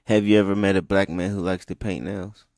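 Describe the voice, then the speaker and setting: A man with a very low, gravelly voice argues in a casual podcast debate. He is blunt and profane and stammers as he restarts. The sound is dry and close. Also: flat delivery, fairly quick, darkish tone, no echo. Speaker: podcast co-host.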